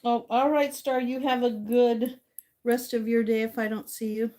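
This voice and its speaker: A woman's voice: on the high side, flat delivery, normal speed, mellow. A woman hosting a casual livestream, chatting to viewers and talking sweetly to her dog. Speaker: livestream host.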